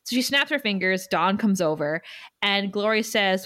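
A woman co-host talking through a TV episode in casual chat. She is animated and laughs easily, slipping into the characters' lines as she goes. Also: mid-range voice, normal speed. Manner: animated, acts out quotes with laughs. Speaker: podcast co-host.

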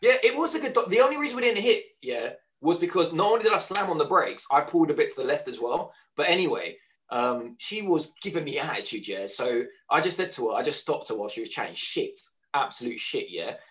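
A man on a casual podcast, telling an animated anecdote at speed, stumbling over restarts. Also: on the high side, quick pace. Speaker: podcast co-host. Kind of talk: casual storytelling chat.

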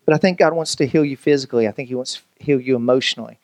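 A man's voice: mid-range voice, very fast, darkish tone, no room sound. A male pastor preaching a sermon in a loose, conversational way, joking with the congregation and often restarting his sentences.

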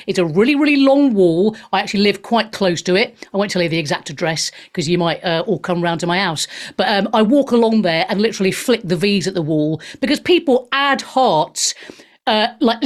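A middle-aged Welsh woman with a medium-pitched voice hosts a talk radio show. She rants into a studio mic, animated, sarcastic and profane.

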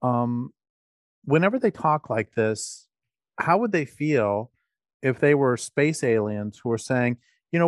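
A man with a mid-pitched voice speaks emphatically and with passion. The recording is dry and close, with no room sound around his voice. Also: expressive, takes it slowly, dry recording. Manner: impassioned, emphatic. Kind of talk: casual conversation.

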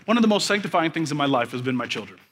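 A pastor in his thirties preaching a sermon, building emphatic repeated lines, then dropping into soft, quiet stories about his family. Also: fairly high pitch, big pitch swings, racing, slight background noise. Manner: preaching with rising, emphatic repetition; drops to a soft, quiet storytelling voice.

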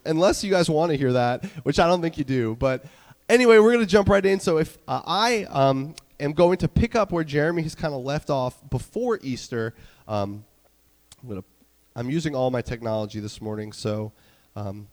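A man from New York preaching a casual sermon as a church's student director, talking fast with many fillers while a bit stuffy from a cold. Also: medium pitch, a little mellow, long reverb tail. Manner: quick-talking, chatty, many fillers and restarts. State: stuffy, getting over a cold. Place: church sanctuary.

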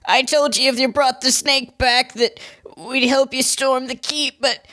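Man voicing a nervous penguin emperor, high bright voice, very slow, halting and fussy. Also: steady tone, full character voice. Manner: hesitant, halting, fussy politeness. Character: timid male penguin emperor.

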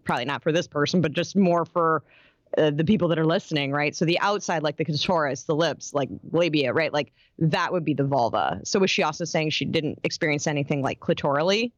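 A woman's voice: deep voice, a little fast, no echo, muffled recording. A woman co-hosting a podcast who has a doctorate, asking precise, pointed questions and teasing her co-host. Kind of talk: casual chat with clarifying questions.

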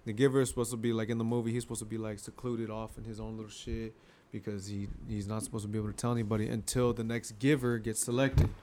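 A man's voice: fairly low pitch, flat delivery, quick pace, hardly any pauses, mellow, a little hiss or hum. Casual, profane young man retelling a story. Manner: loose and profane, acts out scenes in quoted voices. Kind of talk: casual chat.

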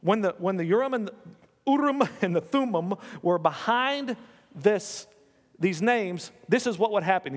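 A man's voice: high-pitched, big-room sound. A man preaching a sermon in a church, talking conversationally, coaxing the congregation and repeating key lines.

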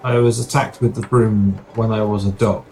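A man voicing a solemn, smug man who was once a dog, speaking in slow, grave, cryptic pronouncements. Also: on the low side, flat delivery, warm tone, a little hiss or hum, close to an everyday voice.

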